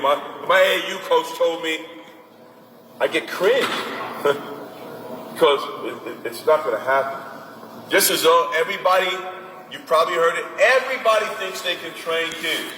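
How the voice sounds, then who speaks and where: A man giving a lively, conversational talk to parents about basketball recruiting and taking their questions in a large indoor hall. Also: on the high side, moderate pace, long pauses. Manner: animated and conversational, acts out parents and coaches. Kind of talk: informal talk to an audience with questions. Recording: echoey hall from far off, faint noise.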